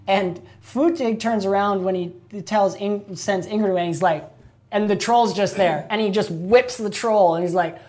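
A woman's voice: mid-range voice, normal speed, warm tone. A woman narrating as game master of a tabletop game, chatty and laughing often, with many fillers.

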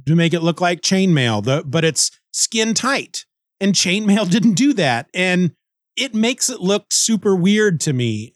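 A man hosting a comic book review podcast, talking casually in a rambling, joking way that thinks out loud. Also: a little high, dry recording, studio quality. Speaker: podcast host.

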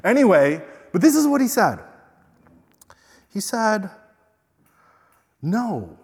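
A man preaching a sermon in a relaxed, conversational storytelling way, full of "you know" asides. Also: high voice, a little slow, breathy edge. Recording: reverberant hall.

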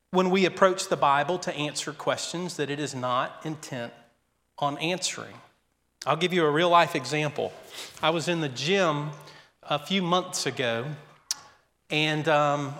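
A man preaching from the pulpit, his voice sitting a little high for a man and trailing off into the long reverb of a big hall. He mixes plain teaching with personal anecdotes, speeding up and slowing down as he makes his points. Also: a bit bright. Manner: conversational preaching with anecdotes, varied pace. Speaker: pastor. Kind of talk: sermon.

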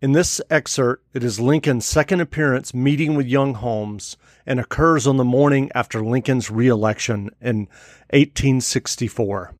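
A man hosting an interview and wrapping it up with a brisk promotional sign-off. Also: mid-range voice, no room sound, studio quality. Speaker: interview host. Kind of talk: radio-style interview wrap-up.

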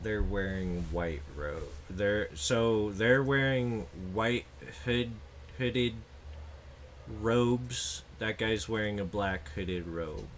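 Slow, soft-spoken game master. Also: male voice, fairly low pitch, a little hiss or hum. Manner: soft-spoken, hesitant restarts. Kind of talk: running a tabletop game.

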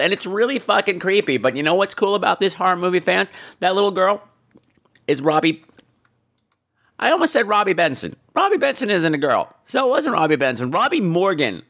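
A man with a somewhat high voice talks through old films in a casual, comedic podcast review. He is animated and campy, and he swears freely. His delivery swings between gossipy excitement and wry asides. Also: brisk. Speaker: podcast host.

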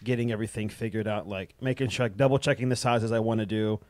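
A man's voice: fairly low pitch, steady tone, fast, darkish tone, dry recording. A man in casual chat, rambling as he tells a story and acts out the dialogue he quotes. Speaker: drummer and guest.

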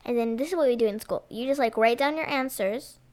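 A woman's voice: fairly high pitch, quick pace, a little mellow. A woman co-hosting a casual podcast, teasing her co-host and reading out the questions.

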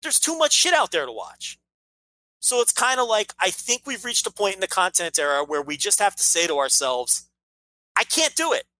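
A man's voice: high-pitched, very animated, moderate pace, sharp tone, no room sound, low-quality recording. A man co-hosting a casual podcast, opinionated and ranting, swearing freely as he makes his case. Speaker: podcast co-host.

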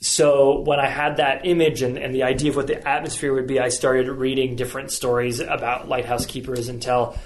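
Male guest, casual and halting, fillers everywhere, mid-pitched. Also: level tone. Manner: halting, many restarts and fillers. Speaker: filmmaker guest. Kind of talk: casual interview answers.

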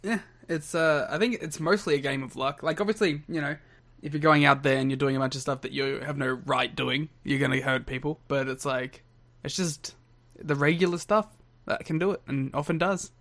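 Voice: medium pitch, fairly quick, fairly bright tone. A podcast co-host chatting casually and playfully, laughing often. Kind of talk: casual chat.

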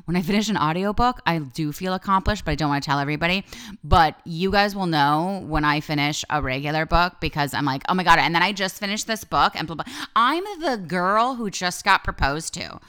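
Low-voiced, smooth-toned woman podcast host. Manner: animated and candid, swears freely, acts out her inner voice. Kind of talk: casual solo podcast talk.

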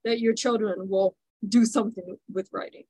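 A woman's voice: medium pitch, steady tone, normal speed, dark tone, slightly rough, no room sound, rough recording. Chatty woman host, dry close sound. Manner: affirming, chatty, short agreeing replies. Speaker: podcast host. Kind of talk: casual interview chat.

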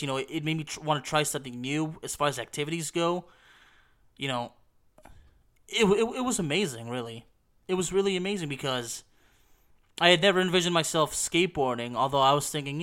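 A hoarse man talks casually into the mic, his voice bright and smooth beneath the roughness. He rambles with many "you know" fillers as he hosts his show. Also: a little high. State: hoarse and coughing while recovering. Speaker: podcast host. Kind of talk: casual solo talk about video games.

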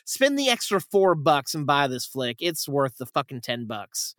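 Bright, crisp-voiced young man swearing casually. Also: fairly high pitch, moderate pace, no room sound, clean studio sound. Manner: rambling, profane, animated retelling with acted quotes. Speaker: podcast host reviewing films. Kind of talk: casual chat.

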